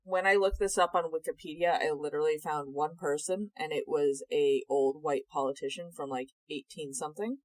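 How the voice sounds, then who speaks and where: A young woman co-hosting a casual podcast chat, animated and sarcastic, swearing freely. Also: sits low, brisk, few pauses, low-quality recording. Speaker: podcast co-host.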